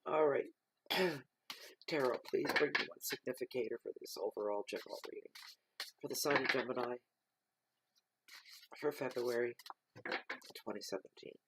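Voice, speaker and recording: A man giving a slow, reflective spoken tarot reading, reading card keywords aloud. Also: mid-range voice, background noise. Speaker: tarot reader.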